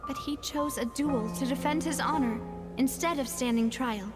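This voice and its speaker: A woman's voice: high voice, moderate pace, lightly acted. An actress voicing a poised, gracious young woman who leads a group in a video game. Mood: somber. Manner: gracious, polite, composed. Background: game music.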